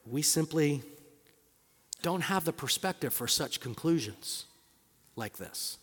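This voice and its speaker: A middle-aged male pastor preaching a sermon in a conversational style, firing rhetorical questions and moving between emphatic points and hushed asides. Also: on the high side, animated, slow pace, husky. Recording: long reverb of a large hall.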